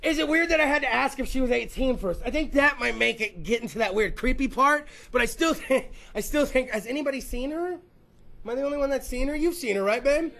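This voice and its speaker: A man hosting a podcast, telling crude, rambling stories full of swearing and quick put-on voices. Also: very high-pitched, creaky, a bit bright. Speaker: podcast host. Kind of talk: crude comedic podcast rant.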